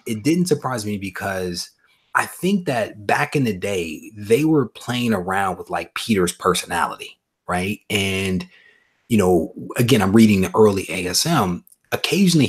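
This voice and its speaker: A man hosting a casual comics chat on a video call, thinking out loud at length and checking in with rhetorical questions. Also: low voice, normal speed, breathy edge. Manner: thoughtful, explains at length with rhetorical asides. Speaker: comics podcast host.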